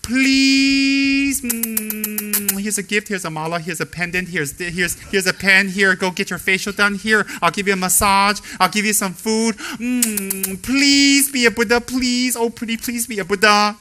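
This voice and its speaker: A man's voice: high-pitched, steady tone, unhurried, pushed and bright, faint music behind, pitched above the performer's own voice. A man voicing a fawning male guru who keeps begging his students. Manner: begging, repeated pleas.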